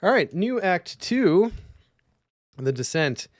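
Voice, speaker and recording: A man's voice: high-pitched, very animated, slow pace, no echo, studio quality. A man streaming a solo card game, reading rules under his breath and chatting with viewers. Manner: mutters rules half to himself, chats with viewers. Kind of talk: casual live-stream commentary.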